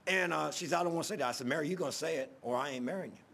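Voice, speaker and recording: A middle-aged pastor, preaching in a folksy, rambling storytelling way, repeating himself and getting loud at emotional peaks. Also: male voice, a little high, very fast, gravelly, slight background noise.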